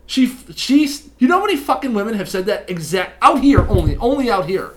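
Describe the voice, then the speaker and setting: A young man from New York telling profane stories in a rapid, ranting way during a casual podcast chat. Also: sits high, very animated, a little hiss or hum. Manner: fast-talking, heavy swearing, ranting storyteller. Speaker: podcast co-host.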